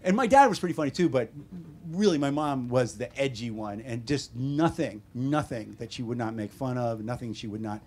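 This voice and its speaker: A man's voice: mid-range voice, normal speed, hardly any pauses, slightly rough. Older American man telling wry stories. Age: 70s. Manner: wry, deadpan humor with animated quoted voices. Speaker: author at a book talk. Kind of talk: casual storytelling Q&A. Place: bookstore event room.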